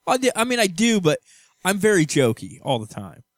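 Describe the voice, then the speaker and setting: A man's voice: sits high, very animated, brisk, no room sound, clean studio sound. A man in his thirties co-hosting a casual podcast with his wife, teasing and arguing in a joking, goofy way. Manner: jokey, teasing, argumentative. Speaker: podcast co-host. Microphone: studio mic.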